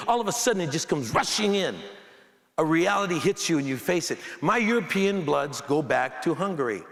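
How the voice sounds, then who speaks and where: Gravelly, slightly high man, keynote speaker, animated and playful with the crowd, reverberant auditorium. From United States. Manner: animated, emphatic, joking with the audience. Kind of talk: keynote speech with comic storytelling. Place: large auditorium before an audience. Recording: echoey hall with faint crowd.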